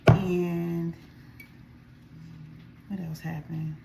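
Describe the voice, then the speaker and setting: A woman's voice: fairly low pitch, level tone, drawn-out words, gravelly, heavy background noise. A woman vlogger telling a story in a chatty, casual way while she eats, speaking straight to her viewers. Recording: echoey room.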